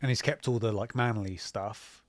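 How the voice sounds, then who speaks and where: A man co-hosting a podcast, relaxed and joking as he floats theories. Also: fairly low pitch, moderate pace, no room sound, studio quality. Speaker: podcast co-host. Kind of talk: casual chat.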